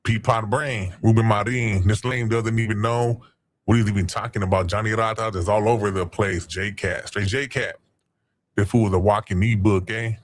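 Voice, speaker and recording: A man hosting a casual livestream, talking slangy street talk, swearing and giving shout-outs to people in the chat. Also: fairly low pitch, steady tone, moderate pace, a little hiss or hum. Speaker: livestream host.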